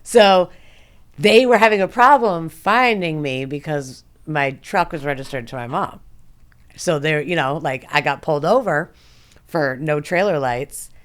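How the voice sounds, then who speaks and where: A woman with a fairly low voice tells her story in loose, casual podcast chat. She is animated and swears freely, laughing often and acting out what people said to her. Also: unhurried. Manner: animated, profane, laughs often, acts out quotes. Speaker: podcast guest.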